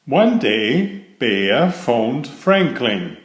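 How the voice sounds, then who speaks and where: Man, children's story read-aloud, slow, sing-song, lively pitch, echoey room. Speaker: storybook reader.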